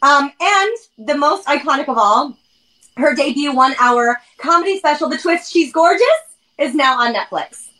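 Very high, giggly woman host, gushing over her guest. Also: animated, moderate pace, pushed and bright, poor audio. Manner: effusive and giggly. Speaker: podcast host. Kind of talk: casual chat on a live stream.

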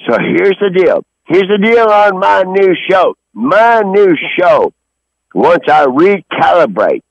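A man rants in a rough, gravelly voice, rambling and cursing at every turn. He sniffles from standing in the cold outside. The call sounds muffled and dry. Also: high-pitched, very animated, takes it slowly, dry recording. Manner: rambling, angry, swearing constantly. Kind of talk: profane phone rant. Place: outdoors behind a grocery store in snow.

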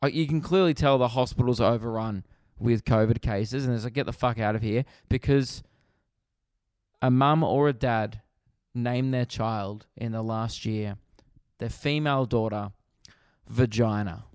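An Australian man riffing through a comedic podcast monologue with a smooth, resonant voice. He rants in an animated, exasperated way and swears freely. The sound is close and dry, with no room around it. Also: medium pitch, a little slow, no echo. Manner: animated, profane, exasperated ranting.

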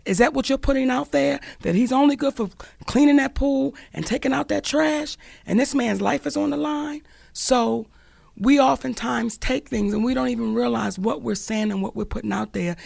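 Gravelly, blunt woman radio host. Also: high voice, moderate pace, a little mellow, dry recording, studio quality. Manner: candid, blunt and profane, preaching her point. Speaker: radio talk show host. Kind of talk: call-in radio talk.

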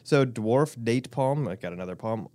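A man's voice: mid-range voice, lively intonation, normal speed, dark tone, no echo. A man co-hosting a podcast, talking casually and hesitantly with many fillers. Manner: hesitant, filler-heavy listing. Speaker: podcast co-host.

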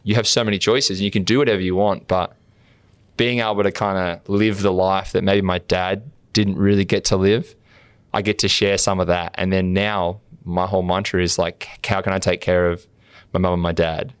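A man's voice: low voice, level tone, moderate pace, smooth, no room sound. A man co-hosting a podcast, talking earnestly and encouragingly in casual chat. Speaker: podcast co-host.

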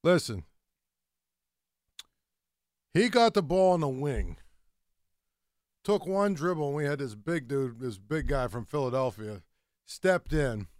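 A man in casual sports talk who tells stories in an animated, excitable way. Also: mid-range voice, measured pace, no room sound, clean studio sound.

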